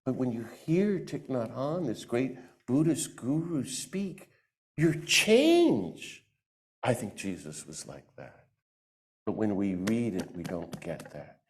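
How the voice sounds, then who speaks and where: A man giving a lively talk to a church audience into a microphone, acting out the voices he quotes. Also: medium pitch, takes it slowly. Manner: animated, acts out quoted voices. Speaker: guest speaker.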